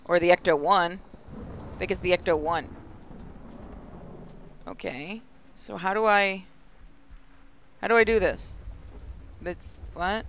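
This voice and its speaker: A man's voice: sits high, takes it slowly, pauses often, a bit bright, slight background noise. A man hosting a casual let's-play video, chatting and reacting aloud as he plays a game. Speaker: gaming video host.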